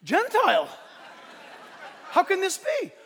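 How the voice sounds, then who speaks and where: A man voicing an excitable mall kiosk seller with a Hebrew accent, exclaiming amazed questions. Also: very high-pitched, quick pace, vocal fry, a faint crowd, slight background noise, exaggerated voice. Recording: echoey hall with audience.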